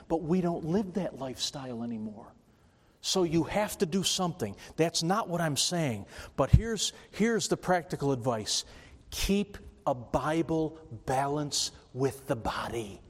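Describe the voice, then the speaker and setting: A man preaching a sermon, emphatic and repetitive, often restarting his phrases. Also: on the high side. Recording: long reverb from a hall.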